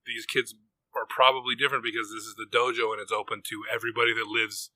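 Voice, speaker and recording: A man with a very bright, forward voice chats on a podcast, rambling through a family story with casual swearing. He acts out the lines of the people in his story. The sound is dry and close, with no room echo. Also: mid-range voice, level tone, fast talker. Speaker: podcast co-host. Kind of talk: casual chat.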